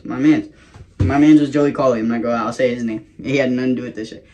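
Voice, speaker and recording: A man's voice: mid-range voice, steady tone, fast talker, mellow, slight background noise. A young man telling a rambling, profane storytime about his past in a casual vlog. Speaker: vlogger.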